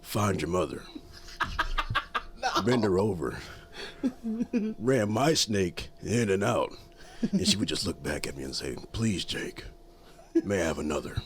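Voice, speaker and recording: A man putting on an impression of an aging male wrestler, cutting a slow, brooding promo in a low voice. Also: expressive, a crowd in the background.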